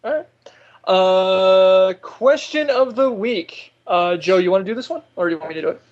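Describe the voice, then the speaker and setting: A man hosting a casual podcast chat, ranting with animated exasperation and laughing often. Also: sits high, normal speed, highs cut off. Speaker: podcast host.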